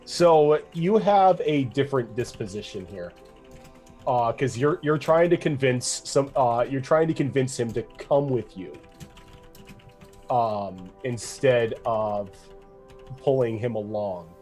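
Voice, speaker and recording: A man's voice: medium pitch, slow, darkish tone, faint music behind. Casual game master, a man with an average voice, narrating the scene. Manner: casual, with many "like" fillers.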